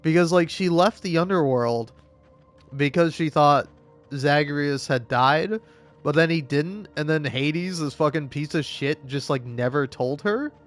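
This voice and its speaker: A man streaming and chatting casually, rambling with lots of profanity and stumbling restarts, breaking into high-pitched rants. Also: measured pace, faint music behind. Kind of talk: casual chat while gaming.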